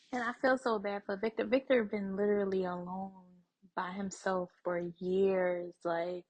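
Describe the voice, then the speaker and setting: Husky-voiced woman reacting to a TV show. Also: on the low side, poor audio. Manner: chatty, addresses viewers directly, thinks aloud with fillers. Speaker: reaction video host. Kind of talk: casual TV reaction commentary.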